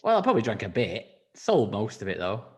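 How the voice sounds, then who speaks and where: A man voicing a gruff, crude male farmer with a put-on rural accent in an improvised comedy scene. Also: lowish voice, huge pitch swings, brisk, darkish tone, pitched below the performer's own voice. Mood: callous. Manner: blunt, sweary, offhand.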